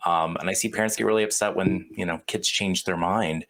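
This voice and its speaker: A man's voice: low-pitched, steady tone, a little fast, a bit bright. A man from Houston, hosting a casual interview and talking with many fillers and restarts. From Houston, Texas. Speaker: podcast host.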